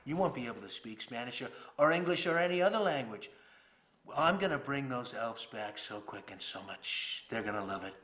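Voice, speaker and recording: A man's voice: medium pitch, animated, normal speed, sharp tone. A man putting on a boastful, rambling impression of a president in a comedy sketch. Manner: boastful, rambling, drops to a whisper. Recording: echoey room.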